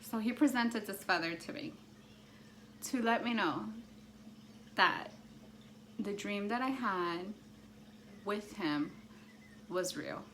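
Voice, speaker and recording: A woman vlogger telling a personal story in an animated, excitable way, full of "like". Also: mid-range voice, slow pace, pauses often, a little hiss or hum. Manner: animated, excitable, heavy use of "like".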